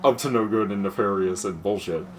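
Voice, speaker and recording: A man chatting casually over a racing game playthrough, telling gossip in an animated way, swearing freely and laughing often. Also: fairly low pitch, fairly quick, a little hiss or hum. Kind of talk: casual gaming chat.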